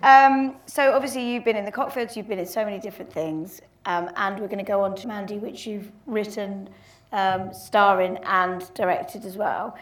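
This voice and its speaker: A woman hosts a casual interview, encouraging her guest and filling gaps with "um" and "yeah". Her voice sits at a middling pitch. She sounds distant from the mic in an echoing room. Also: fairly even intonation, moderate pace, hardly any pauses. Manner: encouraging, with frequent "yeah" and fillers.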